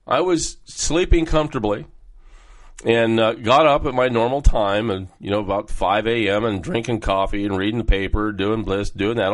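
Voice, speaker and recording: A middle-aged man holding forth as a talk show host, rambling from topic to topic in a heated political monologue. His voice sits at an ordinary pitch for a man.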